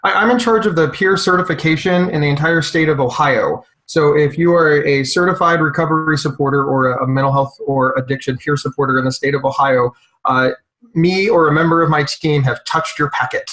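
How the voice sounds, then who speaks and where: A man advocating for peer support on a live round-table, telling stories with lively energy and frequent stammering restarts. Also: a little high, fairly quick, rough recording. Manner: animated storyteller with stammering restarts.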